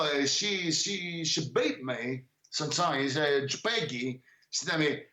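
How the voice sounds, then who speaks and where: Heard in a roomy space, this Italian musician speaks in a high-leaning, pushed, bright voice. He's a guest in a relaxed interview, and his non-native English stalls and restarts often.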